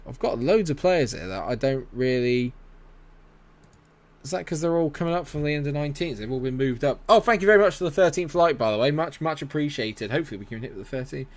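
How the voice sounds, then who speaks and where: A young man casually commentating on his management game live and chatting with viewers, rambling and friendly in tone. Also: mid-range voice. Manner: chatty, rambling, reads chat aloud and answers it. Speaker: gaming streamer.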